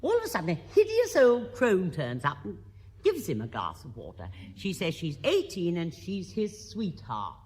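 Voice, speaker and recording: A woman's voice: fairly low pitch, wildly swooping pitch, measured pace, darkish tone. A woman in her sixties, a musical comedienne, doing a chatty comic monologue with wry asides on stage. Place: large concert hall. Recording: live recording in a large reverberant hall. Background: audience laughter.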